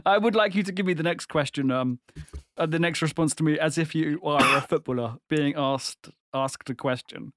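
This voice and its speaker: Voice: mid-range voice, moderate pace, no room sound, clean studio sound. A playful podcast host who laughs often and asks questions in casual chat with friends.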